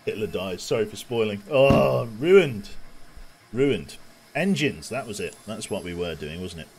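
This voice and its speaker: A young male streamer with a lowish voice that swings up and down a lot as he talks through his game. He keeps up a chatty, joking patter with his viewers, with a faint hiss of noise behind him. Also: animated, brisk. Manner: chatty, joking, talks to chat while playing. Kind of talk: casual gameplay commentary.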